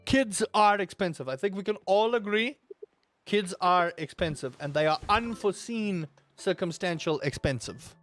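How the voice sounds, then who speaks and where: A man streaming a game, telling rambling, animated stories with sudden loud outbursts. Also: sits high, normal speed. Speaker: gaming streamer. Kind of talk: casual stream chat while playing.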